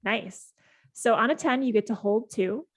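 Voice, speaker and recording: A woman's voice: fairly high pitch, moderate pace. A woman game master narrating a tabletop game in meandering descriptions full of fillers.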